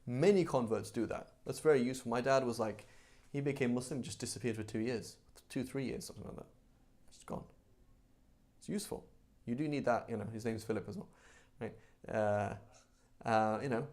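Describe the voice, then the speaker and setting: A man's voice: medium pitch, fairly quick, a little mellow. Male teacher, mid-range voice, casual chatty lecture style with lots of asides. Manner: chatty, conversational, with frequent asides and rhetorical questions. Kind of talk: casual religious class.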